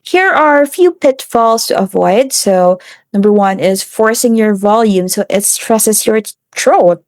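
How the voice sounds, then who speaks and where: A woman presenting a class lesson on relaxing the voice, steady and instructive, with some slips and restarts. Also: medium pitch, unhurried, no room sound. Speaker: student presenter.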